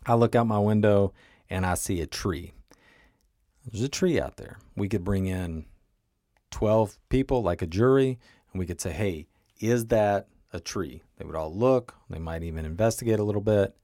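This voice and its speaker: Lowish guy coaching on his podcast, keeps going "right? okay?", dry close mic. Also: normal speed, dark tone, no echo. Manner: casual and repetitive, keeps checking in with "right?" and "okay?". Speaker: life coach and podcast host.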